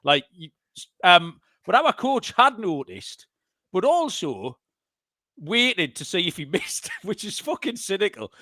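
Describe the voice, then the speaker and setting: A man's voice: high-pitched, big pitch swings, measured pace, bright, forceful tone, no echo, clean studio sound. A man co-hosting a betting podcast in casual chat, joking and swearing. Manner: swears, laughs often, jokey. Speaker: podcast co-host.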